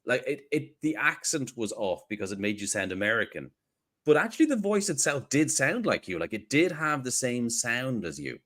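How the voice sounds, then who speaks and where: A man co-hosting a podcast in casual chat, animated and joking, who laughs often. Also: mid-range voice, normal speed. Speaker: podcast co-host.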